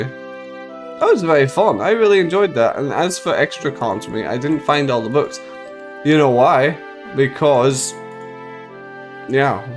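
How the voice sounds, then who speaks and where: Young male gaming creator with a lively, swooping voice; jokey, excitable horror playthrough commentary with swearing. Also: medium pitch.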